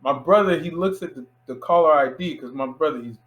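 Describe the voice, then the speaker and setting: Young man, from Miami, filmmaker guest, casual storytelling, animated, fairly high voice. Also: brisk. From Miami, United States. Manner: animated storyteller acting out quotes.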